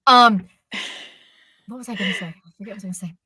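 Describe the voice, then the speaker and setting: A woman co-hosting a casual chat about dramas, talking in an animated, gushing way with quick asides. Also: medium pitch, crowd noise. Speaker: co-host.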